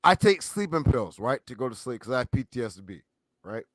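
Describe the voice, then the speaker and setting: A man telling profane stories in casual chat, animated and loud when he acts out quotes. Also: mid-range voice, a little fast, no room sound, rough recording. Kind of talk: casual crude storytelling.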